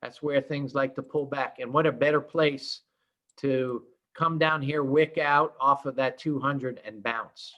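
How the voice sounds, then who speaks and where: A man with an everyday mid-pitched voice leads a live trading lesson. He talks loosely and warmly, with lots of fillers and self-corrections. He sounds like he's at his desk mic while sharing his screen. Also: fairly even intonation, a little slow, dull audio. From schooled in Oklahoma. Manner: casual, rambling with many fillers. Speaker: trading instructor. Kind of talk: live trading room teaching.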